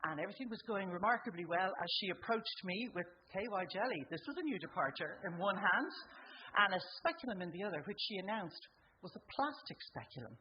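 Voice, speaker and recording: Lively Irish woman telling a stand-up story. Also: a little fast, lo-fi sound, a little hiss or hum. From Ireland. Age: 40s or older. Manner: conversational storytelling, leaping up in pitch for acted-out exclamations. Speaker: stand-up comedian. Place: live comedy venue.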